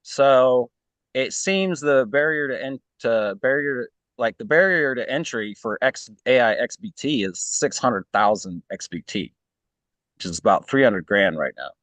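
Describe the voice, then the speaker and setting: A man's voice: medium pitch, expressive, measured pace, fairly bright tone, no room sound. A man in a casual online chat, thinking aloud with frequent fillers and tag questions.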